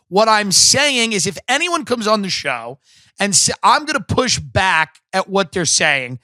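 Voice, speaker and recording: High bright-voiced man ranting. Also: animated, normal speed, dry recording. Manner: profane, emphatic ranting. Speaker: podcast host. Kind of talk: comedic podcast rant.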